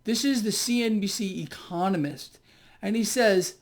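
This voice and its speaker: A man's voice: high voice, normal speed. Man, financial commentator, sarcastic, mocking, exclamatory. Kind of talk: sarcastic solo market commentary.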